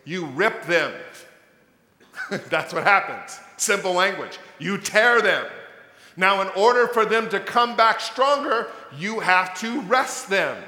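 A male pastor preaches with emphatic, repetitive force, his voice pitched high and bright. He sometimes slips into acted-out voices to make a point. The sound carries a long, echoey church-hall reverb. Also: animated, slow. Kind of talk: sermon.

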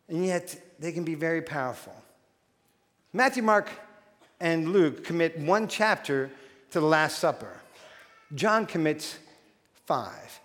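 A man's voice: fairly high pitch, fairly bright tone. A man preaching a sermon as a pastor, telling stories animatedly with frequent restarts. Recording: long hall reverb.

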